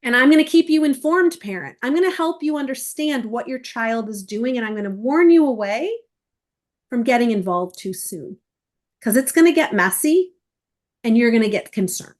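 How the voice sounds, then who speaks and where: A middle-aged woman, an essay coach answering interview questions, explains her process in an animated way and acts out the emails and parents she quotes. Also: fairly high pitch, moderate pace.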